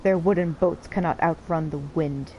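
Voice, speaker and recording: A woman's voice: low-pitched, steady tone, moderate pace, dark tone, lo-fi sound, pitched below the performer's own voice, natural voice. A woman reading as a wrathful wind goddess. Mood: menacing. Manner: grandiose, menacing, theatrical declaiming. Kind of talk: reading game dialogue aloud.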